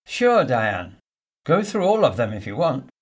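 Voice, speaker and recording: A man performing scripted everyday dialogue for a listening exercise, in a relaxed, friendly manner. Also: medium pitch, unhurried.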